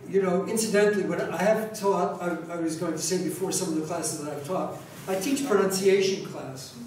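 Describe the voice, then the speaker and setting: Speaking up on purpose in a big conference hall, a New York City pronunciation teacher gives his talk casually, often restating himself and starting over. His slightly high voice has a darkish tone. Faint hiss and heavy echo come through the far-off mic.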